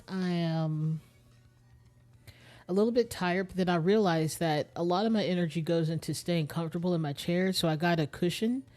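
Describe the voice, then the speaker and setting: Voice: medium pitch, a little mellow. A young adult game streamer, a bit tired and short of breath, rambling in casual chat straight to viewers while playing.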